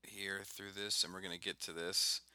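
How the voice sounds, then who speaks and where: A man hosting a casual podcast, joking loosely and reading off shout-outs. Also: low voice, flat delivery, normal speed, a little hiss or hum. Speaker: podcast host.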